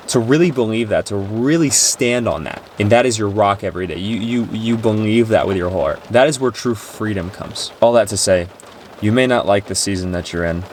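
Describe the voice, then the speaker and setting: A man with a lowish voice speaks earnestly and emotionally about trusting God, in a personal vlog. He sounds tearful and raw and rambles with restarts. Soft rain and faint noise sit behind him. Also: brisk. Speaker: Christian vlogger. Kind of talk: personal faith talk to camera.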